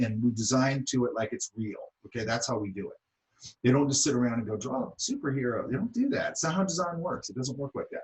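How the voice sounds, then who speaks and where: A man's voice: mid-range voice, rough recording. A middle-aged man teaching an art class, giving blunt, casual critique and checking in often with the students. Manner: blunt, casual, repeats okay and does that make sense. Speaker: art instructor.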